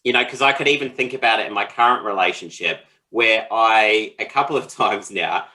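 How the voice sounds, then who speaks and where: Bright-voiced man, casual podcast chat. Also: on the low side, fairly quick, rough recording. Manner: relaxed, rambling, laughs often. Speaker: podcast co-host.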